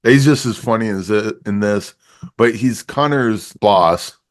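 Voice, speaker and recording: A man talking through a movie review in loose, rambling chat. His voice sits a little low, and he laughs a lot while he acts out scenes in quick voices. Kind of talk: casual chat.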